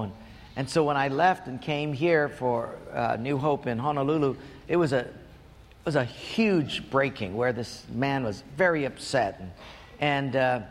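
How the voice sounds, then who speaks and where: A man preaching a sermon as pastor, telling stories in an emphatic, animated way. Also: a little high, long reverb tail. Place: church.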